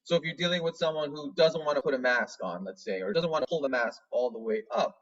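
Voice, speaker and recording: A man who directs a dance studio, giving an instructional talk on a video call, measured and restarting phrases as he explains. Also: a little high, far from the mic, highs cut off.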